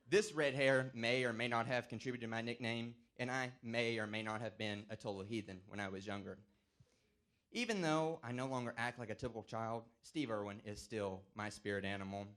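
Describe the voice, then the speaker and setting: A man with a mid-pitched voice delivers a prepared campaign speech. He tells his story dramatically, building suspense and then speaking up. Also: a bit bright. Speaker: 4-H council candidate.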